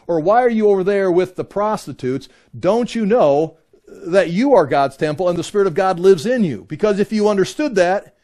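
A man teaching a Bible class in an explanatory way, often pausing with "uh" and restarting his sentences. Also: high voice, mellow.

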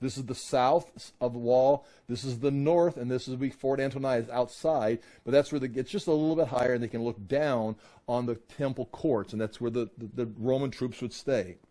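A man teaching from the Bible, reading verses aloud and then explaining them casually, voicing the crowd in loud bursts. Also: mid-range voice, moderate pace.

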